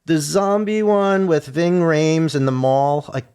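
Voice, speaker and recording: A man's voice: fairly high pitch, slow, darkish tone, clear, resonant tone. A man co-hosting a podcast, telling loose stories full of fillers and the odd swear word. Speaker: podcast co-host. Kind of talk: casual podcast chat.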